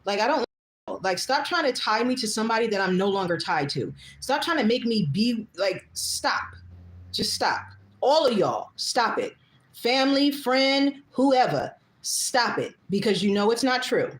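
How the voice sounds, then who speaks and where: A woman's voice: a little high, very animated, unhurried. A woman hosting a casual livestream, chatting loosely, reading out viewer comments and getting heated and emphatic when she vents. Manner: chatty, rambling, reads comments aloud. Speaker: livestream host.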